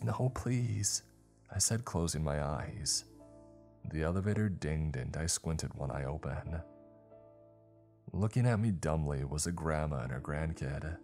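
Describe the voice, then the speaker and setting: A man's voice: a bass voice, darkish tone. A man narrating a first-person horror story in a dramatic, scripted storytelling manner.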